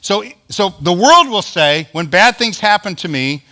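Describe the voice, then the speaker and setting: A man's voice: high-pitched, lively intonation, normal speed, few pauses, sharp tone. A male pastor preaching a sermon in a conversational, emphatic way, acting out quoted lines.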